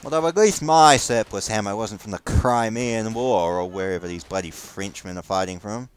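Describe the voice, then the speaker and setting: Swearing New Zealand gamer, smooth voice. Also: male voice, lowish voice, normal speed. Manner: grumbling, profane, wry running banter. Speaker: gameplay commentator. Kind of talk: casual gameplay commentary.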